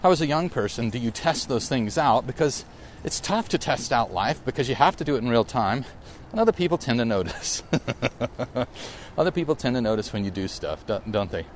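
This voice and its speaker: A man's voice: medium pitch, lively intonation, normal speed, a little hiss or hum. A man in his late forties hosting a casual solo podcast outdoors while riding through a park, talking in a rambling, reflective way that keeps correcting itself. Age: 40s. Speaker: podcast host.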